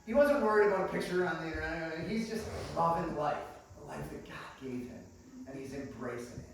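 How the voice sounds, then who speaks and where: Lively man preaching in an echoey hall. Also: a little high, a little fast, background noise. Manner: lively, humorous storyteller who calls the congregation friends. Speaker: pastor. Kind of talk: storytelling sermon. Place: church hall. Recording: echoey hall, distant mic.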